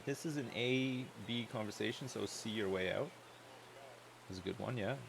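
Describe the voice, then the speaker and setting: A man's voice: fairly low pitch, moderate pace, gravelly, background noise. A man chatting loosely and joking while livestreaming a game, rambling from one thought to the next. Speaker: streamer.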